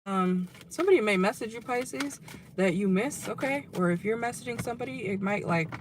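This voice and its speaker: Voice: mid-range voice, brisk, slight background noise. A young adult tarot reader who is losing their voice, chatting casually to viewers from a car and often tagging a questioning "okay?" onto the end of phrases. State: losing voice, hoarse. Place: inside a car.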